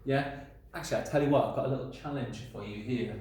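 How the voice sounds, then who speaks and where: A male primary school teacher giving a recorded lesson, playful and sounding out letters slowly. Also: medium pitch, a little mellow. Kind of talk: recorded home-learning lesson. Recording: very echoey room.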